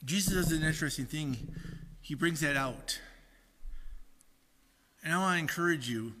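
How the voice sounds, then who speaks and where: A man preaches to his congregation in a bright, somewhat high voice, swinging from hushed asides to loud, animated retellings. The sound carries a long reverb from a large hall. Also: normal speed. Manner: animated storytelling, acting out quotes in raised voice. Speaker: pastor. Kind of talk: sermon.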